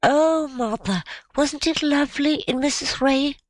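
A small girl's voice, high, breathless and brimming with feeling, as a woman reading a storybook puts her on. The sound is close and dry. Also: measured pace, dry recording, rough recording. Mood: overjoyed. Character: little girl, joyful and tearful. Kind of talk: storybook character voice.

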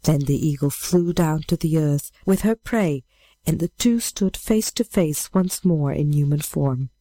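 A woman reading a fairy tale aloud in a measured, steady way. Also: low voice, dry recording. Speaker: storyteller.

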